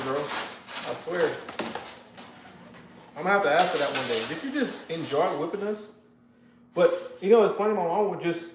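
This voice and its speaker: A man's voice: on the high side, roomy sound, background noise. A man hosting a live stream while working in his garage, telling stories and joking with chat. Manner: joking storyteller, talks to chat, slangy. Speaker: livestream host. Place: garage workshop.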